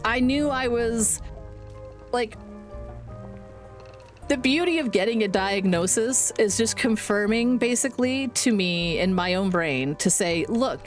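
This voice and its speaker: A woman in her forties chatting casually on a live game stream, rambling, swearing casually and laughing often. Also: medium pitch. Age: 40s. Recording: faint music behind.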